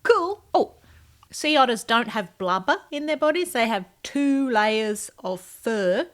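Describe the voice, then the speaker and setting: A woman's voice: on the high side, animated, slow pace. Woman chatting about her writing, playful, drops into whispers for jokes. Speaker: writer and vlogger. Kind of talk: casual behind-the-scenes chat.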